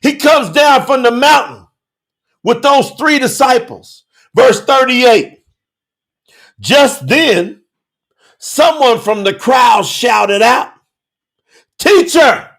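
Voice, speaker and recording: A man's voice: extremely high pitch, slow, gravelly, pauses often, a bit bright. A man teaching scripture as a podcast host, preaching emphatically in casual slang and firing off rhetorical questions. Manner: casual slangy street talk. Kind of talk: livestreamed Bible study sermon.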